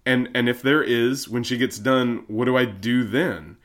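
A man's voice: mid-range voice, measured pace, a bit bright. A man co-hosting a casual podcast chat, telling a story in a playful, joking way. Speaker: podcast co-host.

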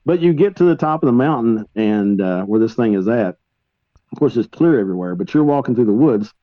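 A man telling travel stories as a guest paranormal investigator, rambling and animated, with many fillers. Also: medium pitch, a little fast, dry recording, muffled recording. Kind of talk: casual storytelling in a podcast interview.

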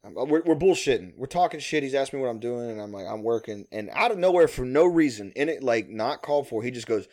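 A man talking casually with a friend, rambling through a story, cursing freely and laughing as he goes. His voice sits at an ordinary middle pitch. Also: lively intonation, moderate pace, fairly bright tone. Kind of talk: casual chat.

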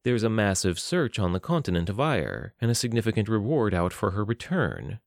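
A smug male captor, as a narrator reads him, scheming and mockingly polite, his words dripping with false courtesy. The voice is low and dry, close to the mic. It suits a dark storybook reading. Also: very animated, normal speed, gravelly, no echo.

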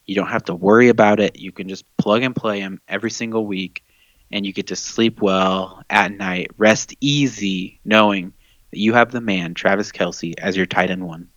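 A man with a fairly low voice talks loosely on a podcast, hesitating with fillers and laughing easily. The sound is dry and a little dull. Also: fairly even intonation, moderate pace, fairly bright tone, dry recording. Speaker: podcast co-host. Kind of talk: casual fantasy football chat.

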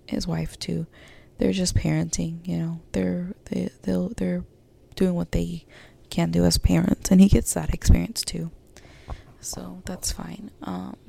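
Woman podcast host, low gravelly voice, candid rambling monologue. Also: mellow. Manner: candid, rambling, many fillers and restarts.

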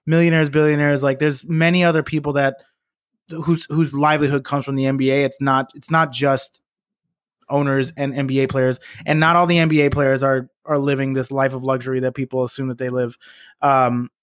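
A man co-hosting a podcast, talking sports in a measured, hesitant way with many fillers. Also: medium pitch, little pitch movement, no echo, clean studio sound. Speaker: podcast co-host. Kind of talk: sports talk.

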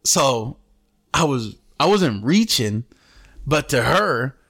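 A man's voice: mid-range voice, big pitch swings, takes it slowly, a bit bright, soft background music. Profane, slangy man telling a story. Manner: profane, slangy, keeps saying "bro". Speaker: podcast host. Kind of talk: casual podcast storytelling.

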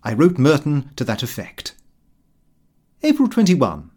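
A man reading a comic diary aloud as an audiobook, with expressive, lively delivery. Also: fairly high pitch, a little slow, husky. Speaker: audiobook reader. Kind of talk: scripted narration of a comic diary.

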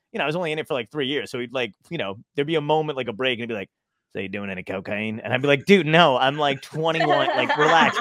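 A man who does stand-up comedy, telling stories in casual chat, animated and profane. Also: fairly high pitch, dry recording.

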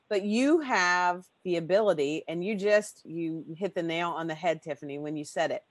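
A woman's voice: on the low side, moderate pace, few pauses, no echo. A woman hosting a podcast in casual chat, rambling and emotional, often running through long lists of questions. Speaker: podcast host.

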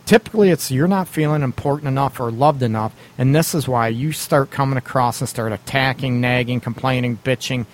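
A man's voice: medium pitch, a little fast, few pauses. Brief: male radio advice host, blunt and casual, laughs a lot, acts out quotes. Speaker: radio show host giving relationship advice.

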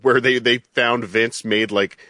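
Male co-host, rambling and sarcastic, bright mid voice, dry mic. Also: medium pitch, steady tone, a little slow, dry recording. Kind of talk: casual live-stream banter.

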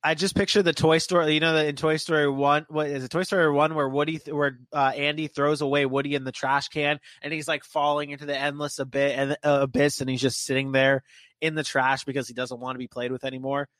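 Bright-voiced man hosting a sports podcast. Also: a little high, fast, no room sound. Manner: animated, joking, leads the segments. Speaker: podcast host. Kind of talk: casual sports chat.

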